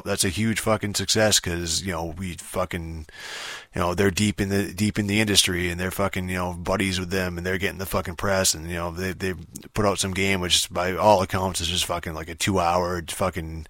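A man's voice: sits low, fairly bright tone, no echo, clean studio sound. A man in a casual, rambling rant, swearing constantly and sounding annoyed and dismissive. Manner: profane, rambling, heavy filler words. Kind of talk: casual ranting monologue.

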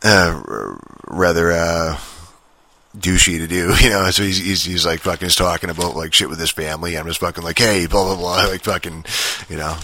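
Deep-voiced man ranting with constant swearing. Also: moderate pace, bright, forceful tone, dry recording. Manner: profane, rambling, frequent fillers and restarts. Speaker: podcast host. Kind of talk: casual rambling monologue.

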